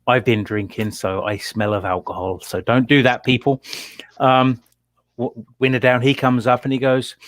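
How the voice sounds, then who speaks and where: A man from England co-hosting a casual chat show, telling an animated story. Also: mid-range voice, normal speed. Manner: animated storytelling, laughs at his own tale. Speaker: podcast co-host.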